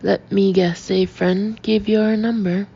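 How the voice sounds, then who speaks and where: A woman voicing a smooth-talking male escort-agency owner, pressing a caller with eager sales patter in an audiobook. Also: mid-range voice, steady tone, measured pace, mellow. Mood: gushing. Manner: gushing, persuasive sales patter. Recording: dull lo-fi audio with faint hiss.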